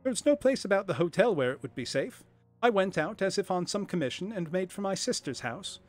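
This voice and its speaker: A man voicing a frightened young male thief who pleads and stammers in a high, shrill voice. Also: expressive, brisk, soft background music. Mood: anxious.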